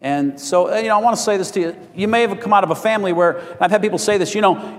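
A man's voice: high-pitched, fast talker, few pauses, big-room sound. A male pastor preaching a sermon in a folksy way, asking for amens from the congregation.

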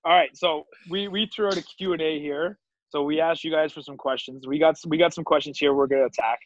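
A man's voice: fairly high pitch, fairly even intonation, fast talker. A man hosting a casual podcast, reading viewer questions in an easygoing, joking way. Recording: dull lo-fi dry sound.

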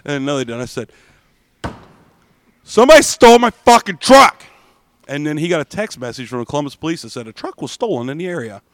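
A man's voice: medium pitch, lively intonation, rapid-fire, hardly any pauses, no room sound, clean studio sound. Rowdy, swearing man telling a story. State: drunk. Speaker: podcast co-host. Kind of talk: casual chat.

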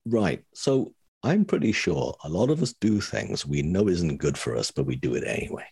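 Very deep, gravelly co-host with a lively swing, wry and rambling. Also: male voice, moderate pace, no echo, studio quality. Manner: rambling, self-mocking, wry. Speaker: podcast co-host. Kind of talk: casual chat.

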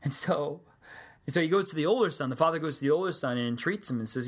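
A man's voice: fairly high pitch, fast talker. Man preaching in a chatty, joking way. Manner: casual, conversational storytelling with joking asides. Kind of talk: sermon.

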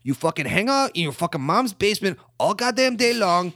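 A man putting on a mock Ukrainian accent for a loud, profane rant. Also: high voice, big pitch swings, fairly quick, no room sound, clean studio sound, voice pushed up, full character voice. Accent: put-on Ukrainian. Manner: shouting, swearing, loud tirade. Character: angry ranting Ukrainian man.

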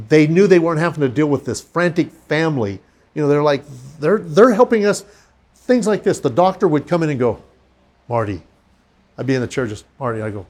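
A man who is a pastor, telling a story in casual conversation and acting out the voices of the people in it. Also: on the high side. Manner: animated, acts out quoted voices.

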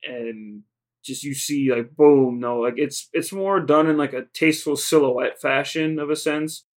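A male podcast co-host with an ordinary middle-pitched voice, talking fast and loose. He circles his points, restarts, and acts out characters' lines as he retells a plot. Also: fairly even intonation. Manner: rambling, heavy use of "like", retells scenes in quoted voices. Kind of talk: casual recap chat.

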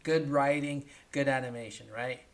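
A man's voice: medium pitch, steady tone, moderate pace. Podcast host, man, mid-range voice, loose rambling recap style, keeps checking in with "right?". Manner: rambling retelling, tags lines with "right?". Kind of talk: casual chat.

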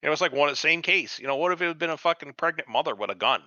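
Animated, sarcastic man ranting casually. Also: on the high side, rapid-fire, dry recording. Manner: heated, sarcastic, acts out characters mid-rant. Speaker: podcast co-host. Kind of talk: casual profane chat reviewing a show. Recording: dull lo-fi sound, dry.

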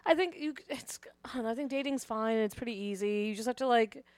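A woman's voice: fairly high pitch, fast, dry recording. Chatty young woman, dry close sound. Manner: chatty, laughs often, heavy use of "like". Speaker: comedian guest. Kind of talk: casual podcast chat.

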